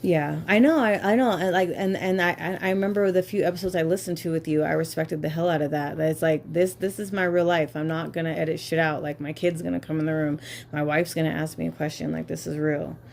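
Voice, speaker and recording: A woman's voice: deep voice, steady tone, fast talker, gravelly, darkish tone, a little hiss or hum. A woman hosting a podcast, talking candidly and casually with lots of swearing and filler words. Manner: candid, profane, filler-heavy. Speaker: podcast host. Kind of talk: casual chat.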